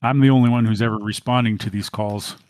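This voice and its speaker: Pria memerankan polisi pria yang lelah dan lugas. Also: male voice, on the low side, steady tone, fast talker, a little mellow, no echo, natural voice. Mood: worried. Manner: plain, matter-of-fact. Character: weary male police officer, blunt and steady.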